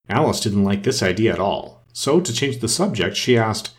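A man reading a storybook aloud as narrator in an expressive, animated way. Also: fairly low pitch, moderate pace, hardly any pauses.

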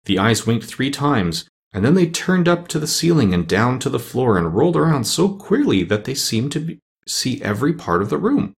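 A man's voice: medium pitch, very animated, normal speed, gravelly, few pauses. A man reading a storybook aloud, narrating expressively.

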